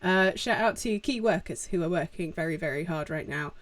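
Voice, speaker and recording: A woman's voice: fairly low pitch, brisk. A young woman hosting a casual live-stream Q&A from a room at home, chatting with viewers and using many fillers.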